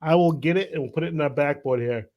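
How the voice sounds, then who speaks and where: This man co-hosts a loose podcast chat, his voice a little higher than most men's. He tells his stories in an animated way and trips over his words often. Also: fast, muffled recording. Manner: animated, stumbling storyteller. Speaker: podcast co-host.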